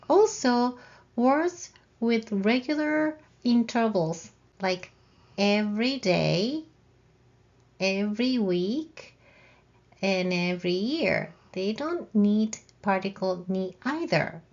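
A woman teaching a language lesson, explaining grammar patiently and saying example sentences out loud. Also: mid-range voice, dull audio. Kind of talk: slow, careful lesson explanation.

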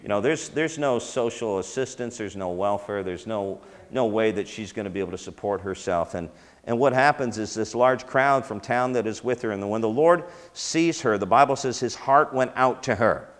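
A man's voice: on the low side, moderate pace. A man teaching in sermon style, talking conversationally with fillers and restarts. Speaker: teacher of a ministry school. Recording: long hall reverb.

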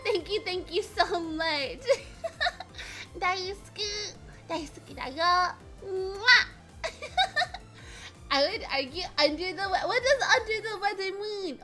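A woman's voice: very high-pitched, a bit bright. A woman streamer chatting with her viewers, still getting over a cold, her voice cracking now and then, bubbly and giggly as she greets people one by one. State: recovering from illness, voice cracking. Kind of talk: casual live-stream chat with viewers.

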